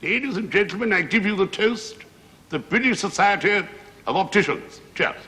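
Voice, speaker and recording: A pompous male toastmaster at a formal dinner announces each line in a high, ringing tone that sits far above the speaker's usual register, as a man puts him on. The sound carries the long reverb of a large studio. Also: expressive, moderate pace, noisy background.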